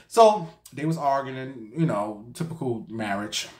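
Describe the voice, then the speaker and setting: A man's voice: mid-range voice, expressive, a little slow, few pauses, a little mellow. A man telling a gossip story in a sassy, profane, slangy way, addressing his viewers directly. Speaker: storytime vlogger. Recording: echoey room.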